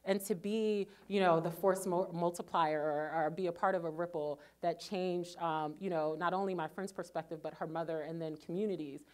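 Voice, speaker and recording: Panel speaker, woman, somewhat low voice, halting delivery with fillers. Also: steady tone, darkish tone. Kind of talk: personal story on a panel.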